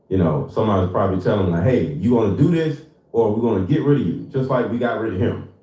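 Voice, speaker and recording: A male livestream host whose pitch swings widely as he rants, incredulous and profane. He sits a bit back from the mic in an echoey room. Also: mellow, far from the mic. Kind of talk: livestream commentary.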